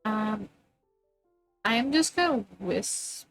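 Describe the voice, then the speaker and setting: A woman streamer talks slowly and a little high, trailing off between thoughts as she mutters and swears at a broken setup. Faint music sits behind her voice. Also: a bit bright, no room sound. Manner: distracted, mutters and swears at tech trouble. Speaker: live streamer. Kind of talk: casual live-stream chat.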